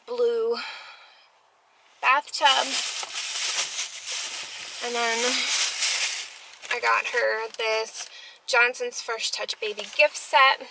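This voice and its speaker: Slow, gravelly-voiced young woman vlogging. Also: a little high, background noise. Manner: heartfelt, rambling, full of fillers. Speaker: family vlogger. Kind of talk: casual vlog storytelling.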